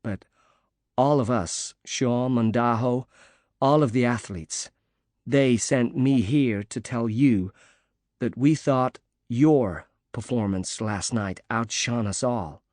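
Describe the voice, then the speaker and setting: A male narrator voicing a cheery young American woman athlete who speaks brightly and teases gently. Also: medium pitch, takes it slowly, dry recording, clean studio sound, close to an everyday voice. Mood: cheery, earnest.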